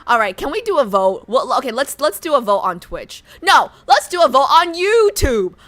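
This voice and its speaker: A woman livestreamer chatting excitedly with her chat and reading game text aloud in a casual, chatty way. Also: sits high, normal speed.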